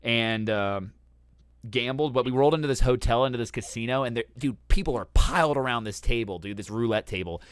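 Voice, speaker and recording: An animated man swaps travel stories in a loose, profane chat, tossing "dude" into nearly every sentence. His voice sits at a middling pitch and sounds close and dry, with no room around it. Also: brisk, clear, resonant tone, dry recording. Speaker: host. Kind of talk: casual storytelling chat.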